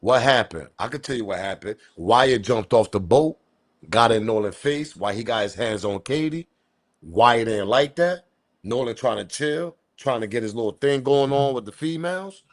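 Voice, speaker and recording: A man in the middle of casual commentary, his voice sitting at an ordinary mid pitch. He talks in an animated, slangy way, circling back to the same point again and again. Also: normal speed. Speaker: commentary channel host. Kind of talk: casual commentary on audio clip.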